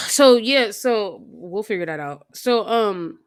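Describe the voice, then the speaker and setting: A woman telling a story casually over gameplay, retelling it in an animated, slangy way with constant fillers. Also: medium pitch, slow, clean tone, no room sound. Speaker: storytime vlogger.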